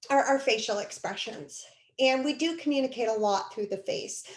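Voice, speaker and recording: A woman instructor giving a recorded video lecture, lively and expressive, acting out quoted speech as she explains. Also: fairly high pitch, roomy sound, poor audio.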